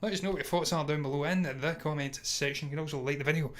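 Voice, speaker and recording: A man's voice: on the high side, rapid-fire, a bit bright. A man co-hosting a casual movie news chat, speaking in an opinionated, emphatic way and laughing easily. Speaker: co-host of a movie news show.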